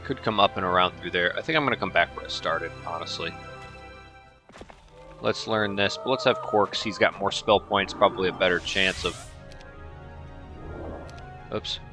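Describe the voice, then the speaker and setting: A gameplay commentator with a deep voice thinks aloud through casual let's-play commentary, rambling and playfully calling his own units names. He talks at a moderate pace, pausing often, with music playing in the background.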